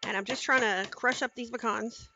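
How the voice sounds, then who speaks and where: Bright-voiced woman streaming from her kitchen. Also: fairly high pitch, fairly even intonation, moderate pace, vocal fry, a little hiss or hum. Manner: chatty, talks viewers through each step. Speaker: cooking streamer. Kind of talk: casual step-by-step cooking chat. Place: home kitchen. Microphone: headset.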